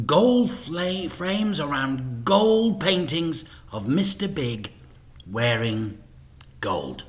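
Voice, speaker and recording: Slow, expressive male story reader. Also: a little high. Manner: expressive, slow, dropping to whispers. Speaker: teacher reading to children. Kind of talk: storybook read-aloud.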